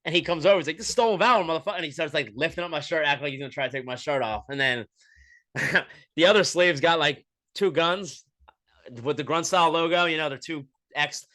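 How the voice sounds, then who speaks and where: A young man hosting a podcast, telling a story in a profane, animated way and quoting voices as he goes. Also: fairly high pitch, brisk. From Florida, USA. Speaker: podcast host. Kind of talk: casual storytelling monologue.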